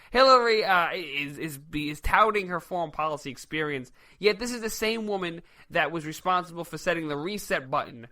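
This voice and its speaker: A man with a Brooklyn accent co-hosting a comedy talk show, ranting in brash, excitable bursts. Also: high-pitched, a little fast, hardly any pauses. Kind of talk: loud satirical talk show banter.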